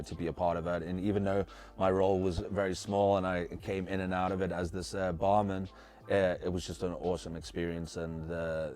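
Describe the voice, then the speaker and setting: A man's voice: deep voice, a little mellow. A man from the United Kingdom, an actor and filmmaker, chatting easily in an interview with many fillers and restarts. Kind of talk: casual interview chat.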